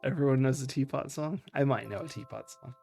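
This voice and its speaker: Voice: mid-range voice, brisk, gravelly, a little mellow, faint music behind. A streamer giving live commentary on a game, ranting in annoyance and laughing at the puzzles. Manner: exasperated, laughing rants.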